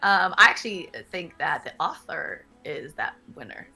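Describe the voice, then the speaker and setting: Bright giggly lady cohost, swoopy and playful. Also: fairly low pitch, lively intonation, moderate pace, vocal fry. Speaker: morning show co-host. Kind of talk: casual chat.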